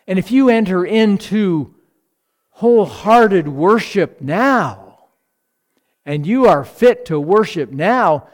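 Male preacher, fairly high voice, slow deliberate delivery with fervent peaks and heavy sighs. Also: big pitch swings, a little mellow. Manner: slow and reflective, rising to fervent emphasis, with audible sighs. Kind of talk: devotional sermon.

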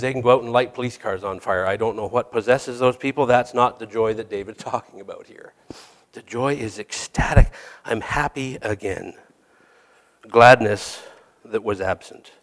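A middle-aged man delivers a sermon in a candid, storytelling manner and makes fun of himself now and then. His voice sits in a middle register. A long hall reverb hangs behind every phrase. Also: mid-range voice. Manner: candid, storytelling, self-deprecating with small laughs. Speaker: hospice chaplain and preacher.

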